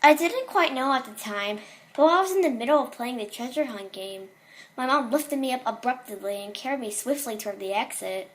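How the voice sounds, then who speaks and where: A woman's voice: a little high, expressive, fairly quick. A woman reading a horror story aloud in a casual way, with small slips and restarts.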